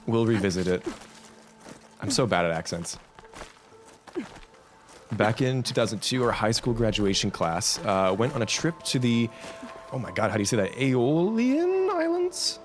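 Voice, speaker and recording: A man's voice: on the low side, normal speed, long pauses, a little hiss or hum. A man chatting casually on a live stream while playing a game, rambling and talking to his chat. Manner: rambling, lively, talks to himself and chat.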